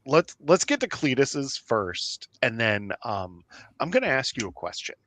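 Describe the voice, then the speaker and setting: A man's voice: mid-range voice, sing-song, unhurried, a bit bright, no room sound. A man voicing a blunt, practical male companion who asks plain questions.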